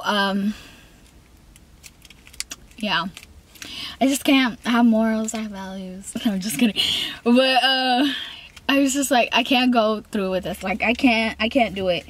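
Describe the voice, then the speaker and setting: A young woman telling a storytime in a casual, rambling way, full of fillers and restarts, often laughing and quoting herself. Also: fairly high pitch. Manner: giggly, laughs between lines. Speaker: vlogger.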